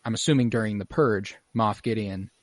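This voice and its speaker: Over a video call, a man hosting a podcast recaps an episode in excited, casual conversation packed with fillers and swearing. His voice is on the low side, he talks at normal speed, and there's no room sound.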